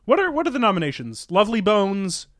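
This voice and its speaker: A man hosting a comedy podcast, making wry, deadpan asides in casual chat. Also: high voice, fast talker. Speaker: podcast host.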